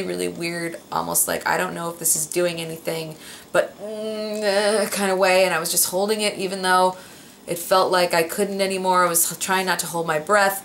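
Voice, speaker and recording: A young woman recounts her birth story, rambling through fillers and restarts. Her voice sits a little low and has a gravelly fry. She sounds tired, close to tears, and faint ambient noise hums behind her. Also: a bit bright. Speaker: new mother telling her birth story. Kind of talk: casual personal storytelling.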